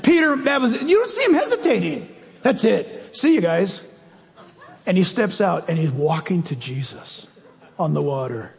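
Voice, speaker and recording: A man's voice: high-pitched, sing-song, normal speed, vocal fry, long reverb tail. A male preacher giving an emphatic, conversational sermon and asking the congregation direct questions.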